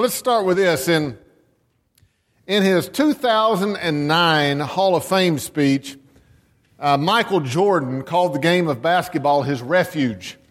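A man in his sixties, from America, preaching a sermon with slow rhetorical questions and deliberate emphasis. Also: on the high side, big-room sound. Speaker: pastor.

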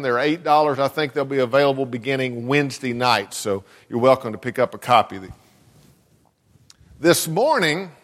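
A man's voice: a little high, a bit bright, big-room sound. A man preaching a sermon as pastor, earnestly asking his congregation rhetorical questions. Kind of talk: sermon with scripture reading. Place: church sanctuary.

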